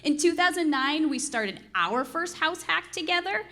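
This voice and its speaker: A woman in her thirties, a real estate investor, telling an animated story with laughter and acted-out quotes. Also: high voice, moderate pace. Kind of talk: storytelling on a panel.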